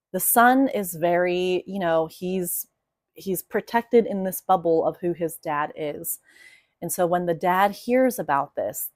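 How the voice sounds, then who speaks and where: Chatty woman with a lowish voice. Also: no echo, studio quality. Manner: chatty, animated storyteller with many fillers. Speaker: writing coach. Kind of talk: casual explainer to camera.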